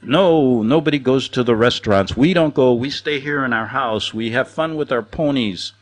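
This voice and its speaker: A man doing an impression of a movie star with a German accent, giving slow, stern warnings. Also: medium pitch, lightly acted.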